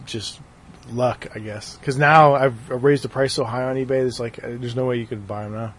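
A man's voice: mid-range voice, fairly even intonation, normal speed. Regular guy, mid voice, dry jokey way of telling stuff. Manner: wry, self-deprecating storyteller. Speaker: podcast co-host. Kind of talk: casual chat.

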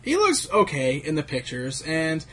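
A man with a slightly husky, raised voice hosts a relaxed talk about toy releases. He rambles, stacks up fillers and breaks into laughs. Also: a little high, measured pace. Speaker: toy collecting show host. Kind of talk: casual chat about action figures.

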